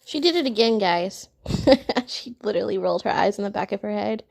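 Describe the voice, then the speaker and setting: A woman's voice: medium pitch, animated, brisk, gravelly, darkish tone. A woman hosting a reaction video, commenting in a profane, exasperated and mocking way.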